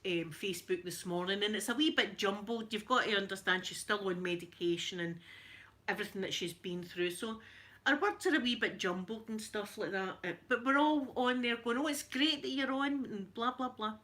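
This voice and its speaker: A woman's voice: mid-range voice, moderate pace, fairly bright tone. A middle-aged Scottish woman chatting on a live stream, greeting viewers by name and laughing often as she talks. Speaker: vlogger. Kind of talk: casual live-stream chat.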